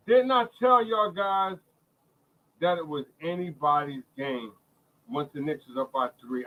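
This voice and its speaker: A man's voice: a little high, unhurried, narrow, tinny audio. A middle-aged man from Brooklyn gives emotional, heated live fan commentary on a basketball game, repeating himself and talking straight to his viewers. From Brooklyn, New York City. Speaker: fan watch-along host.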